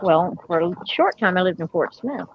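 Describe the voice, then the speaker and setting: A woman's voice: lowish voice, lively intonation, moderate pace, highs cut off, slight background noise. An older retired woman with a Southern country accent, chatting in an easygoing way and laughing often. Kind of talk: casual online livestream chat.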